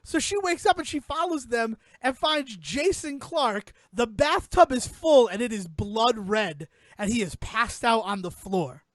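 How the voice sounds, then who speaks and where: High-voiced man recapping a film. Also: a little slow, hardly any pauses, dry recording. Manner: animated storyteller, acts out characters in lowered voices. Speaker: podcast host recapping a film. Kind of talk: casual comedic film recap.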